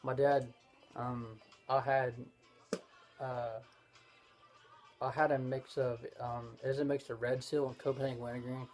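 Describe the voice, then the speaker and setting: A young man, telling a story in halting casual chat as a vlog co-host. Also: mid-range voice, flat delivery, a little mellow, faint music behind. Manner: halting, full of restarts and fillers.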